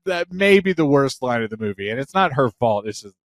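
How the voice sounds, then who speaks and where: A man in his thirties co-hosting a podcast in casual chat, rambling and excitable, swearing often, with a parent's warmth about films. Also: medium pitch, a little fast, hardly any pauses, no room sound, clean studio sound. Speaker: podcast co-host.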